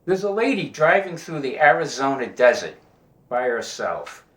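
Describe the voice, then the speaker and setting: A man telling jokes in a casual, animated way, in a fairly roomy recording. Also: mid-range voice, normal speed. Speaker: joke teller. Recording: roomy echo.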